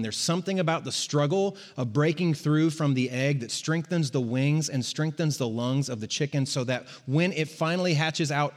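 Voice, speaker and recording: Man, pastor, sermon, slightly high voice, conversational, reverberant hall. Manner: conversational, joking with the congregation.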